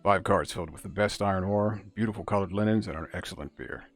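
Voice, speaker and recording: A man voicing a gruff, blunt male village castellan with a gravelly voice, reading game dialogue aloud. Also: sits low, quick pace, soft background music. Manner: blunt, matter-of-fact.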